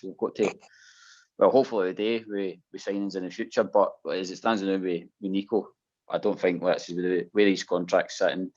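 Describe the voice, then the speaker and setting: Scottish male co-host, low voice, rambling casual chat, muffled audio. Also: darkish tone. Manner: rambling, many restarts, says mate and aye a lot. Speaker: co-host of a fan phone-in show.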